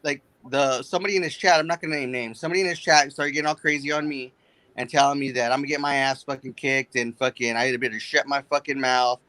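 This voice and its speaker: A man's voice: mid-range voice, steady tone, quick pace, bright, forceful tone, dry recording. A young man telling a story on a livestream chat, heated and full of swearing. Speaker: guest on a livestream. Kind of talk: casual chat.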